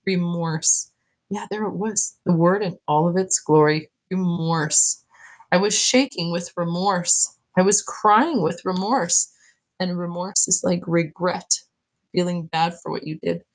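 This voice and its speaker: A woman reads a novel aloud in an expressive, emotional manner. Her voice sits a little low. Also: unhurried, poor audio. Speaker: audiobook reader.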